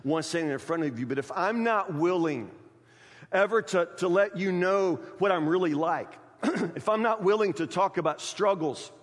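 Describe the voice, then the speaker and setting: Man preaching, high voice, long church reverb, rhetorical questions, stammering restarts. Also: normal speed. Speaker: pastor. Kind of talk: sermon. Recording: echoey church hall.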